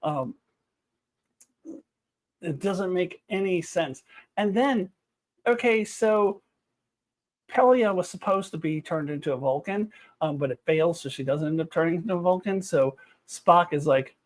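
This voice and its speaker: A woman reviewing TV episodes to camera, ranting in an exasperated, animated way with frequent laughter and swearing. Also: fairly low pitch, measured pace, pauses often. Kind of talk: unscripted review rant to camera.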